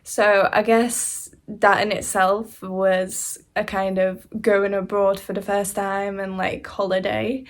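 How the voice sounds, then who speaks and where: A woman's voice: medium pitch, little pitch movement, slow pace, few pauses. Chatty young woman rambling through a storytime. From Hungary. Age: young adult. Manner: rambling, chatty, frequent fillers and soft laughs. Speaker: vlogger. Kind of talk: casual storytime vlog. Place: indoors at home, seated beside laptop.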